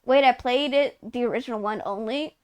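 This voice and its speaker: High-voiced rambling woman streamer. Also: brisk, a little mellow, clean tone, no room sound. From Texas. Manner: rambling, profane, heavy use of "like". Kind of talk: casual live-stream chat.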